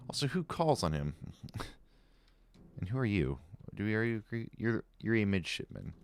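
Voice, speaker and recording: A man's voice: lowish voice, very animated, unhurried, long pauses, no echo. A man streaming a game live, thinking aloud in a musing, questioning way with frequent chuckles.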